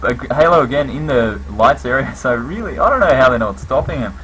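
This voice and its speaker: A man's voice: mid-range voice, lively intonation, a little fast, sharp tone, slight background noise, rough recording. A man giving casual live play-by-play commentary on a competitive shooter match, with lots of fillers. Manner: casual, filler-heavy, conversational. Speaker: esports commentator.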